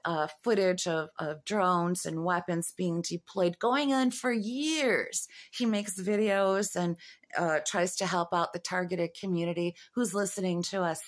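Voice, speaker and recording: Agitated, rambling woman in her fifties. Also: lowish voice. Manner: agitated, rising into urgent questions; halting, many fillers and restarts. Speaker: vlogger. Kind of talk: rambling monologue to camera.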